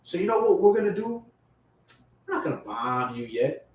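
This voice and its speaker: A man preaching a sermon in casual slang, growing impassioned and loud at his emphatic peaks. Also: high voice, sing-song, normal speed. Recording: echoey room from far off.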